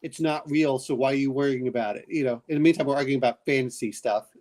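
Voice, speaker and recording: A man chatting casually and telling a long family story, halting often with fillers. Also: mid-range voice, a little mellow. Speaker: game master. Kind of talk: casual chat.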